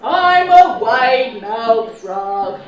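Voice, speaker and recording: A woman voicing a boastful male frog with a huge mouth, in a slow, loud, drawn-out deep voice. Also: very animated, exaggerated voice. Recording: echoey room, from far off, children around.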